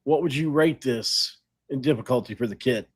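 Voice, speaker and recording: A man's voice: mid-range voice, moderate pace, husky. Chatty sports podcast host, a man. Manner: chatty, rambling, self-deprecating, laughs often. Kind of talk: casual sports podcast talk.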